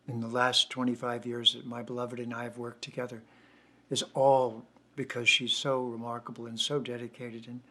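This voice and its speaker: Older guy poet, thoughtful devotional talk, closing a poetry night, middle pitch. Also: sharp tone. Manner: reflective, devotional, storytelling.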